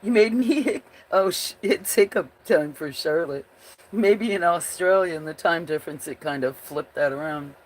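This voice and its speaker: A woman hosts a casual livestream, rambling as she chats with viewers and often dissolving into giggles. Her voice sits low, at a normal speed.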